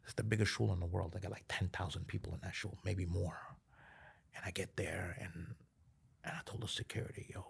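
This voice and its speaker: Podcast guest: a man with a raspy, gravelly voice who tells animated stories and acts out the dialogue. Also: sits low, brisk, long pauses. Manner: animated, acts out quoted dialogue, laughs often. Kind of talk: casual storytelling chat.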